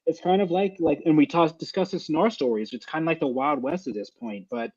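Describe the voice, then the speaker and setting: Man, podcast co-host, casual chat, hesitant, mellow tone, muffled recording. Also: fairly high pitch, brisk, husky. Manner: loose, hesitant, many fillers.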